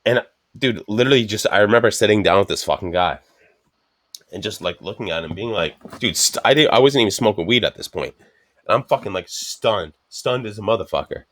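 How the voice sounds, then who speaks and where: A man's voice: on the low side, lively intonation, a little fast, fairly bright tone, dry recording, studio quality. Profane, rambling man telling stories. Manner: profane, rambling anecdotes with frequent swearing; acts out quoted speech of others. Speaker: podcast co-host. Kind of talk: casual chat, storytelling.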